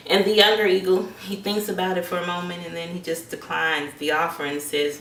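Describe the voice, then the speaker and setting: A woman hosting an inspirational faith talk, telling a story in an earnest, measured, encouraging way, recorded with a roomy echo from a distance. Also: lowish voice, fairly even intonation, a bit bright. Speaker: faith podcast host.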